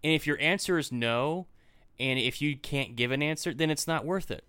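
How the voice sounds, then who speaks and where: A man's voice: fairly high pitch, normal speed, pushed and bright, smooth, dry recording. A man co-hosting a casual political podcast, arguing his points and posing pointed questions. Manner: argumentative, poses pointed questions. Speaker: podcast co-host.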